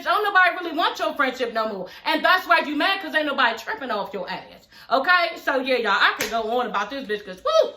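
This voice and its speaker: A high, bright-voiced woman in her forties delivers blunt, profane commentary straight to her viewers, animated and laughing as she goes. Her voice rings around a roomy, echoey space. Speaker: reality TV reviewer. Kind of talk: casual commentary vlog. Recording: roomy echo.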